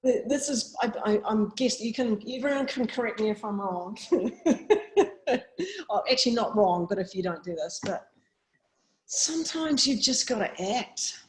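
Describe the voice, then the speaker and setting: Woman, New Zealand accent, animated storyteller, higher voice, roomy echoey sound. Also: moderate pace. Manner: acts out her own past lines with big jumps in pitch. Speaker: guest, marathon swimmer.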